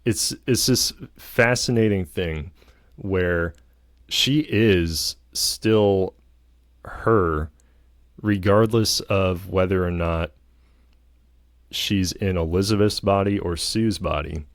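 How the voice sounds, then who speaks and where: A man's voice: sits low, slow pace, dry recording, clean studio sound. A man vlogging a casual film review, rambling with lots of fillers and hedges.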